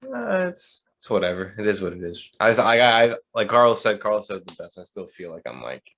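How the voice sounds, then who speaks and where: A man's voice: fairly low pitch, fairly quick, a bit bright. A man turning thirty, co-hosting a podcast in casual chat, laid-back and dry with a teasing edge. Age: 30s. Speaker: podcast co-host.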